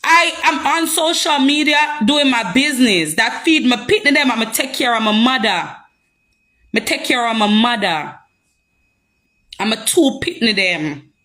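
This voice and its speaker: A woman's voice: a little high, animated, unhurried, bright, forceful tone. A young Jamaican woman ranting heatedly on a live stream, confrontational and repeating herself. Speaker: social media personality.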